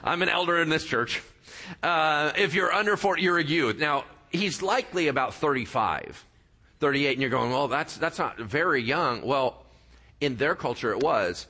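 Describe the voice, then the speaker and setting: A man over forty preaching a sermon, swinging from quiet low passages to loud raised ones. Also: lively intonation, normal speed. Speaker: pastor.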